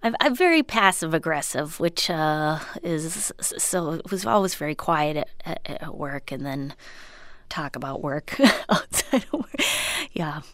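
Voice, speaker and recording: A woman comedian and voice actor from Minnesota, chatting in an interview, self-deprecating and full of fillers, with a high, childlike voice. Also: lively intonation, a little slow, no room sound, studio quality. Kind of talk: casual interview chat.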